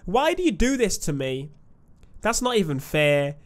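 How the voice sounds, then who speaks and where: A man's voice: high voice, very animated, a little slow. A young man giving chatty, self-mocking commentary while playing a video game. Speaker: gaming YouTuber. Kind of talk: let's-play commentary. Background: game music.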